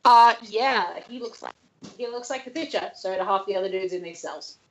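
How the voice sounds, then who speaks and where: A woman running a tabletop game as game master, talking casually and slipping into quick voices for side characters. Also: medium pitch, heavy background noise. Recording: dull lo-fi sound.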